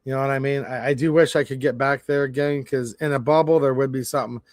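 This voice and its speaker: A man's voice: mid-range voice, steady tone, fast, no room sound, studio quality. A man in his forties hosting a livestream, rambling and stammering in a blunt, frustrated way. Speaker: livestream host. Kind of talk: casual livestream rant.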